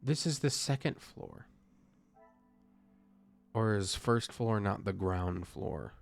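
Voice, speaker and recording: A man's voice: fairly low pitch, animated, takes it slowly, gravelly, soft background music. A man streaming a game live, commenting casually and sarcastically and swearing freely.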